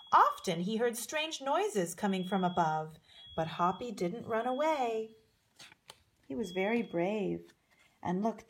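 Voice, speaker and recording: Expressive woman reading a picture book. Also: medium pitch, husky. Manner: gentle, expressive, pointing out pictures to young listeners. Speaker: storyteller.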